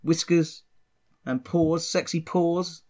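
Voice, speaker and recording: A man co-hosting a comedy podcast, talking in a rambling, hesitant, deadpan way. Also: on the high side, slow. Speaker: podcast co-host. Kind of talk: casual comedy chat. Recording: dull lo-fi sound.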